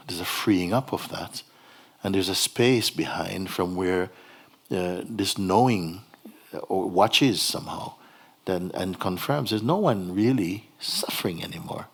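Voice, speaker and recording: A man guiding a seeker as a spiritual teacher in a satsang dialogue, gentle and unhurried, often breaking into laughter. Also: sits low, husky. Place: hall.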